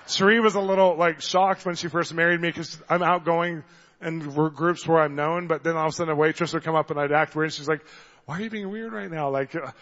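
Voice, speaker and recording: Guy preaching, high voice, super animated, acts out the voices, dull sound with long hall echo. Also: a little fast. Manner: animated storyteller, acts out voices, gets loud. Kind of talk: sermon with storytelling.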